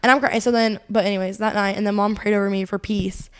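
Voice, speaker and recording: A woman's voice: medium pitch, steady tone, fast, smooth. A young woman, co-hosting a podcast and telling a long personal story in rambling, casual chat full of fillers and laughs. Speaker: podcast co-host.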